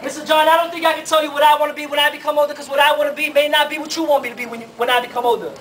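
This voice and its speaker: A man voicing a bold, sassy ten-year-old girl who talks back bluntly and quickly. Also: very high-pitched, level tone, sharp tone, far from the mic, slight background noise. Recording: live hall from afar, audience.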